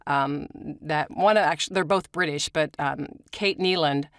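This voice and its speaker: Bubbly woman co-hosting a podcast, lowish voice, dry sound. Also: measured pace, dry recording. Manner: bubbly, laughs easily. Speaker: podcast co-host. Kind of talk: casual podcast chat.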